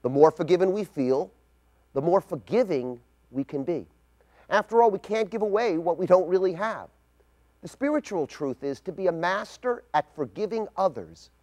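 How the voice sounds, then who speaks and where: A middle-aged rabbi delivers a scripted spoken essay, recounting a personal story in a measured, reflective way. His voice is high-pitched and animated, with a darkish tone.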